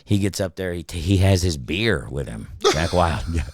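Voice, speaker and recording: A man in his fifties, a guest comedian and voice actor, telling animated, profane anecdotes in casual chat, acting out the people he quotes, on a close studio mic. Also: low voice, moderate pace, dry recording. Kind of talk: casual storytelling. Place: podcast studio.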